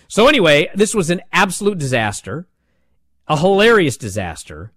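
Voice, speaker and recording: A man casually recapping a wrestling show, animated and sarcastic as he tells it. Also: fairly high pitch, normal speed, no echo, studio quality.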